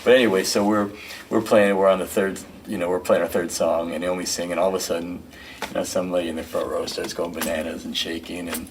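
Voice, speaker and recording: A man, a musician and record producer, telling loose, animated stories as an interview guest, peppering them with "you know" and "man". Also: deep voice, quick pace, recorded from a distance, a little hiss or hum. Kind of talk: casual interview storytelling.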